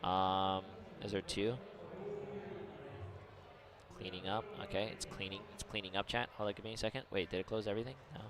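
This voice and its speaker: A man's voice: fairly low pitch, flat delivery, brisk, long pauses, background noise. A man streaming live, chatting casually to viewers while he mutters through setting up his computer.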